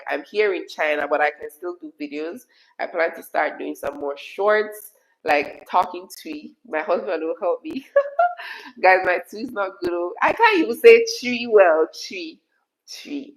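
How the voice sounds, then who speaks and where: A Jamaican woman from Jamaica hosting a casual live stream from her kitchen, hoarse from being sick, chatty, laughing often and slipping into patois. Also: on the low side, low-quality recording. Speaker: YouTube host answering live chat.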